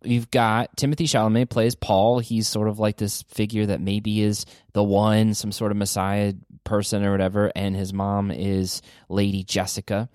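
A man hosting a casual podcast chat about movies, animated, his pitch jumping up when he gets excited. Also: normal speed, hardly any pauses, no room sound, clean studio sound. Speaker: podcast host.

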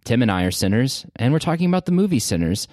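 A man's voice: mid-range voice, very animated, fast, darkish tone, dry recording, clean studio sound. A man co-hosting a podcast, chatting casually and enthusiastically about movies and shows. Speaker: podcast co-host.

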